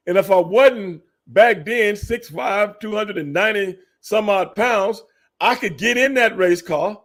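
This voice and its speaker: A middle-aged man with a Texan accent, hosting a casual podcast chat and telling stories with lots of laughter and sudden excited high bursts. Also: measured pace. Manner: animated storyteller, laughs often, jumps into high excited bursts. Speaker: podcast host.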